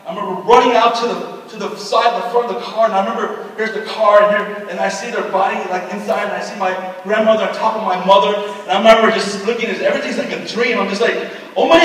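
A male pastor telling a personal story in a sermon, moving between hushed and loud as he relives it. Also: high-pitched. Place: retreat meeting hall. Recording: echoey hall picked up from far off.

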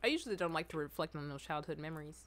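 A woman's voice: deep voice, expressive, racing, fairly bright tone, a little hiss or hum. A young adult woman chatting casually, telling funny childhood stories and reacting to comments. She laughs often and swears freely. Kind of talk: casual storytelling chat.

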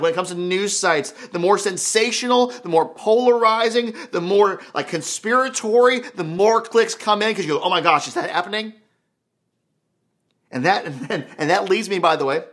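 A pastor preaching a sermon in an animated, conversational way, full of rhetorical questions. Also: male voice, high voice. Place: church.

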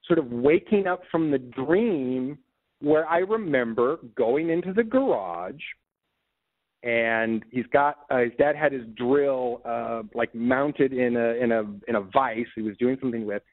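A man telling a personal story as an interview guest, speaking haltingly with many fillers and restarts. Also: medium pitch. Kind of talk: casual storytelling. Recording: tinny phone-like call audio.

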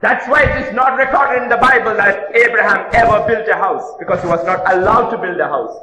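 High, bright-voiced man preaching emphatically. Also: fairly quick, a little hiss or hum. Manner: emphatic preaching with rhetorical questions and repetition. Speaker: pastor. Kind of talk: sermon. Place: church hall. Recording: echoey church hall recording.

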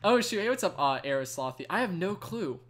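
A man's voice: sits high, very animated, brisk, fairly bright tone. A young man streaming a game live, out of breath and chatting in a rambling way full of "like". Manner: rambling, chatty, says "like" a lot. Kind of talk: casual live stream chat.

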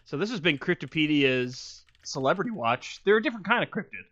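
A man's voice: a little high, big pitch swings, brisk, bright, forceful tone. A man co-hosting a podcast, chatting in a wry, meandering way. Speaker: podcast co-host. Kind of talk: casual chat. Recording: dull lo-fi mic.

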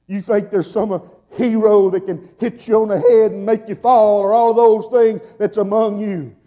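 An older man preaching a fervent sermon in a church, building to shouts and calling for his congregation to answer back. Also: high voice, little pitch movement, moderate pace, long reverb tail, lo-fi sound. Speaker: pastor. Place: church sanctuary.

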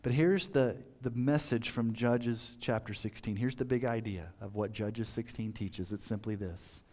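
A man preaching a sermon in church, earnest, swinging from loud fervent passages to soft, hushed lines. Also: on the low side, fairly even intonation, unhurried. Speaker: pastor. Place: church sanctuary.

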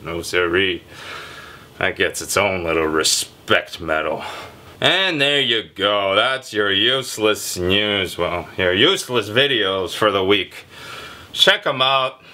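A man hosting a comedic news vlog, sarcastic and irreverent, with a deliberately lazy, low delivery. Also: animated, sharp tone. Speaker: vlog host.

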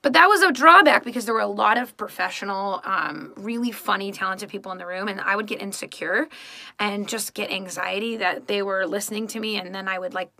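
Woman, actress, casual fan message, rambling and chatty, gravelly fry, dry close sound. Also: mid-range voice, fairly quick, sharp tone, no room sound.

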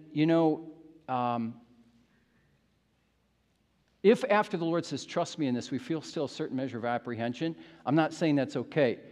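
A man's voice: mid-range voice, darkish tone, big-room sound, highs cut off. A male pastor preaching a sermon in an earnest, emphatic way, often repeating phrases for stress. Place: church sanctuary.

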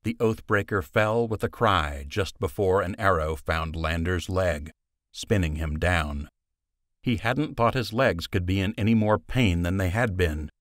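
An audiobook is narrated by a man whose voice is low, his scripted storytelling steady and measured throughout. The recording is dry and studio quality.

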